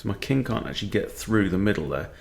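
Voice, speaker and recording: A man's voice: on the low side, expressive, quick pace, creaky. A man who coaches chess, thinking aloud and muttering his moves as he plays a live game at his computer.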